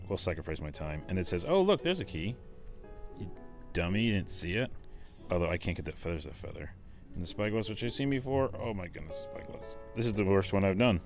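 Deep-voiced let's play host, chatty and rambling, enthusiastic. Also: male voice, fast, faint music behind. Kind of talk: casual game commentary.

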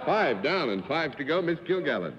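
A man's voice: fairly high pitch, sing-song, very noisy. Genial guy hosting an old tv quiz, echoey hall, muffled lo-fi sound. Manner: genial, brisk moderator. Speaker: game show host. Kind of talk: hosting a TV panel show. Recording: dull 1950s TV studio sound with hall echo.

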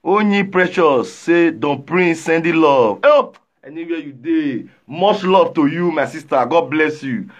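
A man with a Nigerian accent, chatting live and reading viewer comments aloud, animated, often shouting and repeating himself. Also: on the high side, a little slow, dull audio. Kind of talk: casual live-stream chat.

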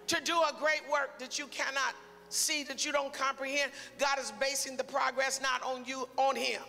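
A male preacher delivering a call-and-response sermon, exhorting the congregation and building to shouts. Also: very high voice, fairly even intonation, moderate pace, creaky, a little hiss or hum. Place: church sanctuary. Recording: reverberant church hall, faint crowd.

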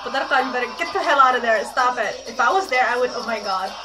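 A woman's voice: on the high side, fast talker, distant mic, low-quality recording. A young woman at home, reacting emotionally to a video, exclaiming and blurting out her thoughts. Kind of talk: reaction vlog. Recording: loud concert music and crowd playing behind. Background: concert video with music and cheering crowd.

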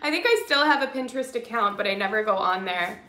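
A woman's voice: medium pitch, animated, quick pace, bright, forceful tone. A young woman from Minnesota hosting a casual live stream, chatty and giggly, reading out viewer messages. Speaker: vlogger host. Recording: echoey room.

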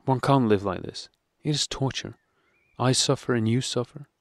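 Audiobook: male reader doing a distressed young wife, trembling and pleading, raised a little higher than his own voice, dry sound. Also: moderate pace, dry recording, close to an everyday voice. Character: anxious, tearful young wife.

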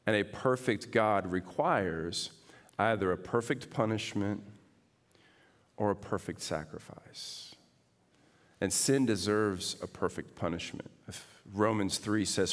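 Give me a man preaching a sermon, animated, shifting from loud to soft. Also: low-pitched, long reverb tail. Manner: animated, swings from loud to hushed. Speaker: pastor. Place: church sanctuary.

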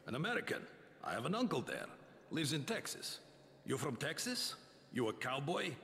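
A man's voice: fairly high pitch, very animated, moderate pace, pushed and bright, full character voice. An actor playing a brusque, cocky male gang lieutenant who teases and gives orders. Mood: mocking. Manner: teasing, commanding. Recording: game voice with long reverb.

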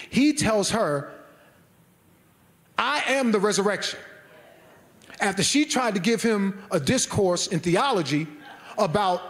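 An exceptionally high-pitched man delivers a sermon as a church elder. His preaching is fervent and emphatic, and he leans on repetition to press his points. A faint noise sits underneath the voice.

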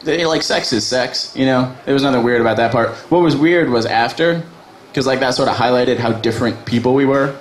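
A man's voice: medium pitch, brisk, reverberant. A man doing a stand-up comedy set at a small cafe open mic, chatting to the crowd with self-deprecating asides.

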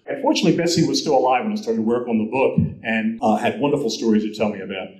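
Man, presenter, anecdotal storyteller, mid pitch, echoey hall. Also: quick pace. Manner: animated storyteller, acts out quotes. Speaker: guest speaker. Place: convention hall. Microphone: handheld recorder in audience. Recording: roomy hall audience recording.

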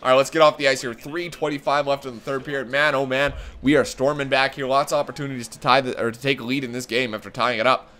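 A man's voice: mid-range voice, level tone, fast talker, hardly any pauses, bright, forceful tone. A man commenting on his own hockey video game play, calling the action like a broadcaster and swearing when it goes wrong. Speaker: gaming channel host.

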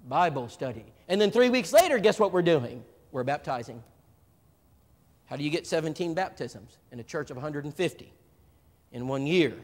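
A man preaching at a church seminar, telling stories and acting out the people in them. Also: sits high. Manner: animated storyteller, voices other people in his stories. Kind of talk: seminar talk with acted-out anecdotes. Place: church hall. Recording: live stream with a long hall reverb.

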